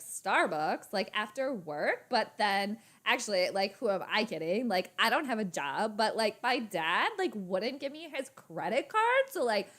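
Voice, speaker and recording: A woman's voice: mid-range voice, fairly bright tone, lightly acted. A woman doing a spoiled Valley girl. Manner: drawling, filler-heavy upspeak. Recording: live stream from home.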